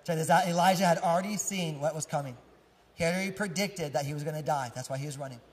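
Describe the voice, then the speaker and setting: A man in his thirties preaching a sermon as pastor, conversational and lively, polling the congregation and joking as he corrects himself mid-sentence. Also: a little high, fast. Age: 30s. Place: church sanctuary. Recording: long church hall reverb.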